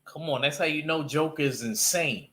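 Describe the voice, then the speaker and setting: In a normal-speed delivery, this man's fairly high voice sounds pushed and bright. Appearing as a panel guest, he chats casually and with animation about comics, leaning on loose slang and often starting sentences over.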